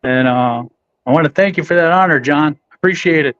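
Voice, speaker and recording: A middle-aged man answers podcast questions in a laid-back, halting way, restarting his phrases. His voice sits a little high. The audio is dry and slightly dull. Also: fairly bright tone, smooth, dry recording. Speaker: professional boxer, podcast guest. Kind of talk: casual interview answers.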